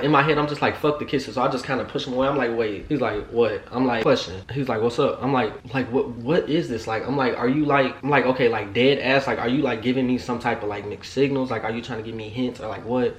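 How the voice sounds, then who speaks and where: A young man in his twenties telling a personal story on his vlog, animated and slangy, acting out both sides and dropping to a hush for asides. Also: medium pitch, echoey room, a little hiss or hum. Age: 20s. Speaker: vlogger.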